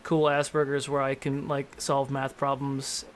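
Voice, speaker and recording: A man's voice: mid-range voice, completely flat delivery, unhurried, a little hiss or hum. A man in his thirties, a game master and show host, talking candidly in a rambling, self-deprecating way in a casual panel discussion.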